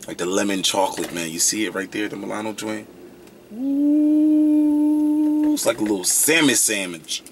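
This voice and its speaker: A young man casually reviewing snacks in a vlog, excitable and slangy, breaking into loud whoops. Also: on the low side, quick pace, hardly any pauses, very noisy.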